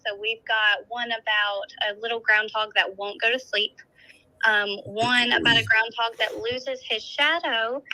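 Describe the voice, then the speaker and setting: A cheerful woman librarian calls in, a little out of breath, her voice very bright and fairly high. She talks in an upbeat, friendly way. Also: low-quality recording. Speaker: children's librarian. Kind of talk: casual chat, phoned in.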